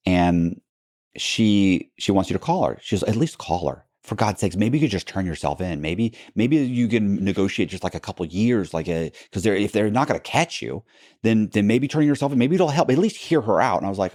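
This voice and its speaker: A man's voice: fairly low pitch, lively intonation, brisk, a little mellow, no echo, clean studio sound. A man, a podcast guest, telling a long story in a casual, rambling way, full of restarts and asides and acting out what people said.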